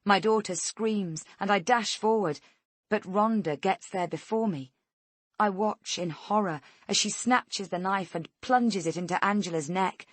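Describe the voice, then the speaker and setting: A woman reading a tense first-person thriller in a steady storytelling voice. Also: mid-range voice, a little slow, dry recording. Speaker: audiobook narrator.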